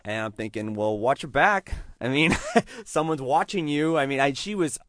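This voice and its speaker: A man's voice: mid-range voice, animated, moderate pace, a bit bright, no echo, clean studio sound. A male comedian chatting casually, telling stories, acting out quotes and laughing often. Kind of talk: casual podcast chat.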